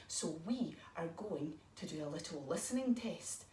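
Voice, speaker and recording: A woman's voice: lowish voice, normal speed, hardly any pauses. Lady teaching kids yoga, sing-songy and upbeat, echoey room, mic kinda far. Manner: animated, encouraging, sing-song. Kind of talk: storytelling yoga lesson for children.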